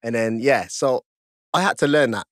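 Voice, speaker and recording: A man guest on a podcast, telling a story in casual chat, laughing often and jumping high in pitch as he acts out his own panic. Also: moderate pace, fairly bright tone, dry recording, studio quality. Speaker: podcast guest, stripper and fighter.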